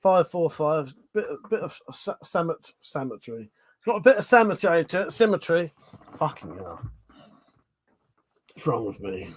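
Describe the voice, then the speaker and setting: A man's voice: a little high, very animated, normal speed, long pauses, a little mellow, breathy edge. A man hosting a live stream, chatting casually with viewers and laughing often between jokes and swearing.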